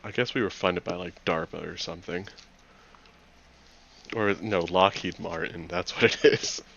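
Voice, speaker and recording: A man's voice: sits low, normal speed, creaky, a bit bright, highs cut off, slight background noise. A young man chatting casually before a tabletop game session, telling a swear-filled story through frequent laughter over voice chat. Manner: profane, laughing anecdote-teller.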